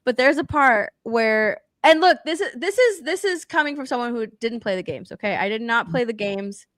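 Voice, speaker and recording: A woman co-hosting a casual pop culture podcast, ranting about TV shows in an animated way, swearing freely and laughing as she talks. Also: fairly high pitch, normal speed, no echo, clean studio sound. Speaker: podcast co-host.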